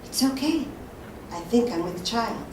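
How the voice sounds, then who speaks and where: A woman voicing a gentle, wise young bride with a donkey's head, speaking softly and sweetly, recorded from a distance in a roomy space. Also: a little high, unhurried. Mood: soothing. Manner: soft, sweet and calm. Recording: roomy, distant live mic, faint hiss.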